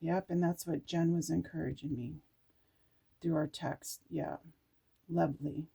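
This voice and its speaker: A tired woman reading aloud from an oracle card book and reflecting in a meandering, halting way with laughs. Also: low voice, level tone, vocal fry, warm tone, husky. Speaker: spiritual oracle card reader. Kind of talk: casual spiritual vlog, reading aloud and reflecting.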